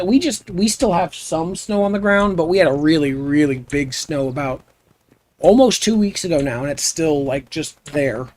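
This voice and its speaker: A man chats casually and goofily with his viewers while playing a building game live, rambling as he goes. His voice is fairly high and a little mellow.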